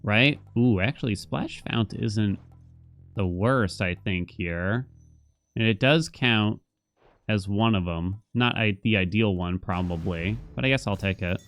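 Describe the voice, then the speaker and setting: A man's voice: fairly low pitch, a little slow, fairly bright tone, faint music behind. A young man casually commenting on his gameplay, thinking aloud and chatting about his life between moves. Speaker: gaming streamer.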